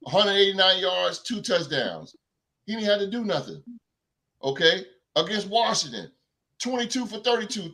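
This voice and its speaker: Young male podcast host with a high voice, emphatic ranting delivery. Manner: animated, emphatic, repeats himself. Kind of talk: sports talk rant.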